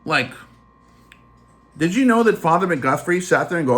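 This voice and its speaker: Animated, chatty man telling a story. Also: fairly high pitch, moderate pace. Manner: animated, chatty, full of fillers like "like" and "deal". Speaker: channel host. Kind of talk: casual storytelling vlog.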